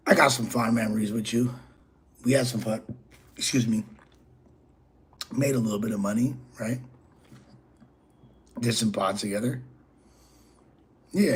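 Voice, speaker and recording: Husky-voiced man ranting casually. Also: medium pitch, sharp tone. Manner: rambling and profane, with "you feel me" and "bro" fillers. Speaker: host. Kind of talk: casual monologue addressed to a rival.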